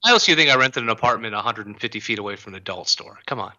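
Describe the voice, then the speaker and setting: A man's voice: fairly low pitch, lively intonation, racing, bright, forceful tone, dull audio. A man co-hosting a podcast, joking crudely and mocking himself in casual chat. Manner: self-mocking, crude humor. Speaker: podcast co-host.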